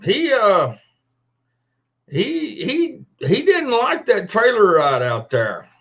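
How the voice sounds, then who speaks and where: A man hosting a casual livestream from home at his computer, greeting viewers by name in a folksy, unhurried way after a day of working cattle. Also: high-pitched, huge pitch swings, lo-fi sound. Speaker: livestream host. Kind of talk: casual live-stream chat.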